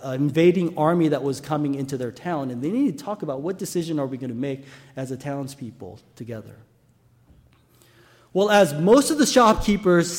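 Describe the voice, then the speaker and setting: A man's voice: on the high side, a little mellow, long reverb tail. A male pastor preaching a sermon, telling stories and asking the congregation rhetorical questions.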